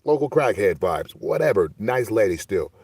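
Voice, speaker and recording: A man from Milwaukee runs his stream and spins casual stories from his life. He talks in a loose, animated, profane way. His voice sits very low and sounds dry and close to the mic. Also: moderate pace, slightly rough, no room sound. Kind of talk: casual storytelling monologue.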